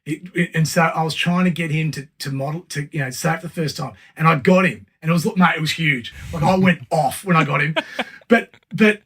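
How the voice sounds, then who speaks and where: Male guest, high and bright voice, animated storyteller who laughs a lot. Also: fairly quick, husky. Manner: animated, acts out phone calls, laughs often. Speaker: guest speaker. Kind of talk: storytelling in casual chat. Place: video call.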